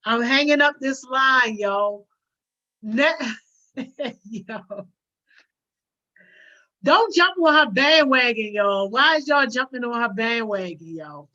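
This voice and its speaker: A woman's voice: a little high, expressive, extremely slow, long pauses, sharp tone. A woman hosting a casual livestream, reading viewer comments aloud, using lots of slang and often laughing. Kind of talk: casual live chat. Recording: dull lo-fi audio.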